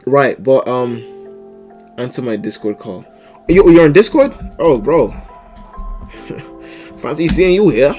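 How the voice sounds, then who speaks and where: Animated young streamer guy, lively voice. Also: mid-range voice, slow, pauses often, faint music behind. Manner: animated, laughing, swings between loud outbursts and mumbling. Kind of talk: casual livestream chat.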